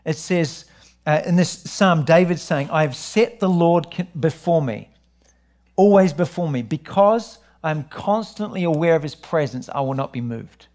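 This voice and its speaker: A middle-aged New man preaching, his voice sitting a little high for a man. He tells his story with lively animation and keeps returning to his message. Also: measured pace. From New Zealand. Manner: animated storytelling, rising high when excited. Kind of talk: sermon with personal testimony.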